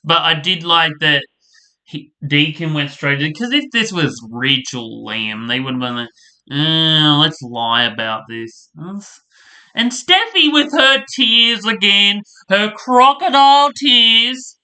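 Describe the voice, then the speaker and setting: A man with a very bright, sharp-edged voice, pitched a little high, gives a casual rant about a soap opera. He talks slowly, rambles, and swears a lot in exasperation. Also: sing-song. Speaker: vlogger reviewing a soap opera. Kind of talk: casual ranting commentary.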